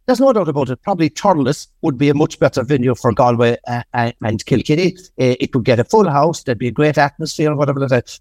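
An emphatic Irish man with a fairly high voice argues his case as a sports pundit. He talks forthrightly and repeats words as he builds a point. The sound is close and dry. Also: a little mellow, no echo. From Ireland.

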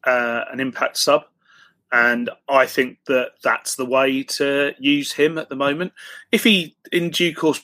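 A man co-hosting a casual football podcast, making his points in a measured, analytical way. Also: medium pitch, bright, forceful tone, no echo. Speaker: podcast co-host.

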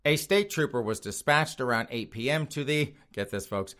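A man's voice: mid-range voice, moderate pace, bright, forceful tone. Sneering, laughing male podcast host. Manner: sneering, laughs at his own jabs. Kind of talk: mocking commentary. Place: studio outside Boston.

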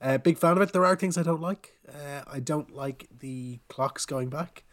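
A man co-hosting a relaxed panel conversation with emphatic, mock-indignant delivery. He rants and holds forth on his complaints with theatrical outrage. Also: on the high side, normal speed. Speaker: podcast co-host. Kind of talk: casual panel chat.

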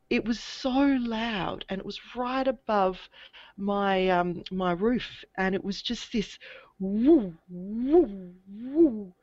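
A woman telling a personal story in a halting, hesitant way, with many restarts. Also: on the high side, no room sound, highs cut off. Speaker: guest. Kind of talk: casual recounting of a personal experience.

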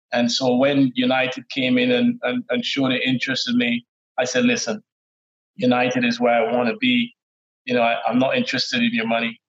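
A middle-aged man with a Trinidadian accent, telling stories as a guest in a relaxed, laid-back way, often laughing. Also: medium pitch. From Trinidad and Tobago. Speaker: guest, former footballer. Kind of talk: casual interview storytelling. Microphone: remote call audio. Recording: dull lo-fi call audio.

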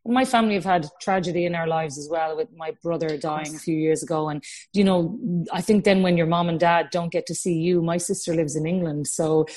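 Cork Irish woman in her thirties, lively casual interview guest, a touch low-voiced. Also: brisk. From Ireland. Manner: chatty, lively storyteller acting out quotes. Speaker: sports broadcaster, interview guest.

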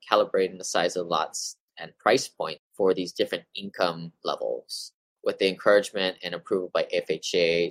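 A man's voice: low voice, no echo, low-quality recording. A man hosting a real estate investing show, reading from articles and adding casual opinions, with some stumbles. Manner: reads passages then adds offhand opinions, some stumbles.

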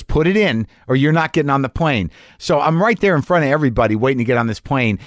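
A man's voice: fairly high pitch, dry recording, clean studio sound. A middle-aged man hosting a podcast, telling a frustrated, self-mocking story in a profane, worked-up monologue. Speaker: podcast host.

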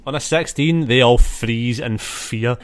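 A man's voice: mid-range voice, unhurried, clean tone. A man narrating and running a tabletop role-playing game in a casual, swearing way with many fillers. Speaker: game master.

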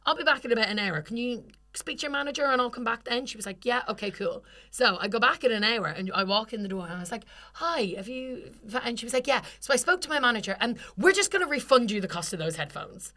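A woman's voice: on the high side, fast talker, hardly any pauses. A young woman co-hosting a podcast, telling a funny story in casual chat, swearing freely and acting out the people in it. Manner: animated, swears freely, acts out quoted people. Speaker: podcast co-host.

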